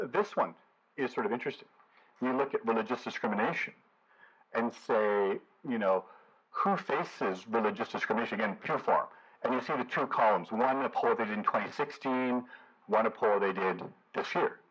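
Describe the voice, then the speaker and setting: A man with a low, husky voice gives a public lecture, talking in a loose, conversational way with many "you know"s and small hesitations. The sound is dull and lo-fi, like an older video recording. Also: a bit bright. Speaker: guest lecturer, professor. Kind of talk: public lecture to a community audience.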